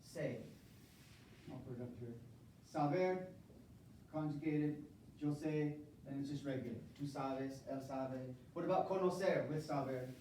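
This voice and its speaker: A man's voice: on the high side, measured pace, mellow, slight background noise. A man teaching a university Spanish class, drilling verb conjugations with his students in a call-and-response lecture. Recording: echoey classroom from far off.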